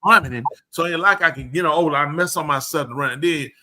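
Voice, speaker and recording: A man with a voice on the high side talks fast, telling stories casually in a live show studio with crowd noise around him. He animatedly acts out the quoted exchanges.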